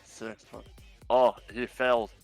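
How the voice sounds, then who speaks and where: A man acting as game master in a tabletop game, relaxed, with plenty of fillers and easy laughs. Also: mid-range voice, takes it slowly, vocal fry, faint music behind, poor audio.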